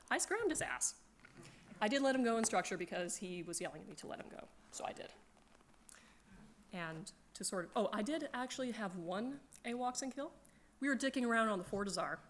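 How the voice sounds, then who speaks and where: Woman storyteller, animated, laughs a lot, faint noise behind, for a casual gaming anecdote. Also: mid-range voice. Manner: animated, laughs often, acts out friends' lines. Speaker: speaker telling gaming stories.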